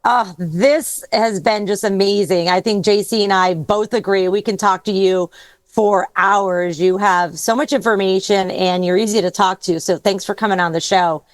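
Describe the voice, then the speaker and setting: A woman's voice: medium pitch, fairly even intonation, normal speed, no room sound. A woman hosting a podcast interview in an upbeat, friendly way. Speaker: podcast host.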